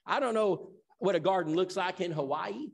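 A man's voice: sits high, moderate pace. A man from Tennessee who teaches an evangelism seminar. He preaches in an emphatic storytelling style and acts out the dialogue. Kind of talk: sermon.

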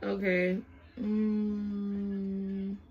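A woman's voice: medium pitch, flat delivery, very slow, dull audio, soft background music. A young woman chatting casually to camera as a vlogger, often apologizing and talking to her baby while she looks through letters.

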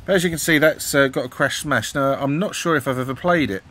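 This middle-aged retro gaming YouTuber talks fast in a mid-range, slightly bright voice while leafing through an old computer magazine. His casual commentary rambles, stalls on frequent ums, and keeps turning to questions for viewers. A little hiss or hum sits under the recording.

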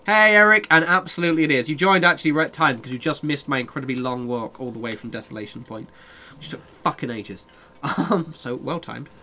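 A man's voice: on the high side, a little fast, bright, forceful tone, slight background noise. A young man live-streaming a game, chatting casually with viewers, reading their messages and swearing freely. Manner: chatty, sweary, reads and answers chat.

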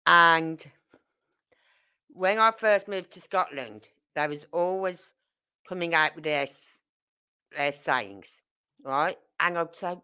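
Bright-voiced woman in her fifties. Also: low-pitched, slow pace, pauses often, smooth. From Birmingham, England. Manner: animated storyteller acting out dialogue. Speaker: livestream host. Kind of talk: casual live chat.

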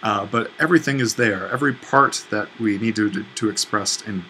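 A man's voice: lowish voice, brisk, sharp tone, slight background noise, poor audio. A man teaching a language lesson, walking through an exercise step by step while thinking aloud, with fillers and self-corrections. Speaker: Greek teacher.

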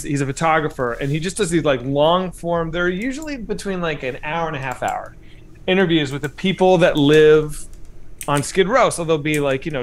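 A man's voice: on the high side, slight background noise. Rambling man hosting a casual stream. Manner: rambling, filler-heavy, lots of "like". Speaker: comedy show host. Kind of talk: casual livestream chat.

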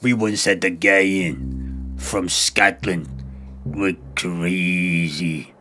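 A man's voice: low voice, fairly even intonation, drawn-out words, sharp tone, soft background music, exaggerated voice. A man voicing a boastful, foul-mouthed male barroom storyteller who swears and repeats himself, in improvised comic storytelling. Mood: rowdy. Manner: brash, swearing, repeats lines.

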